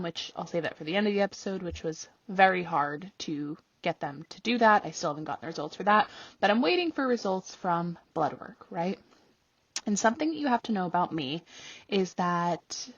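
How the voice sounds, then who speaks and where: A woman hosting a podcast, telling a personal story in a casual, animated way, laughing often and rising high when acting out her own reactions. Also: dry recording, lo-fi sound. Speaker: podcast host.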